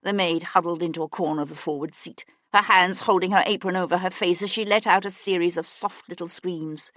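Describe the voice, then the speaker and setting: A woman narrating a historical mystery audiobook in a measured, even storytelling manner. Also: fairly low pitch, dry recording. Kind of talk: scripted narration.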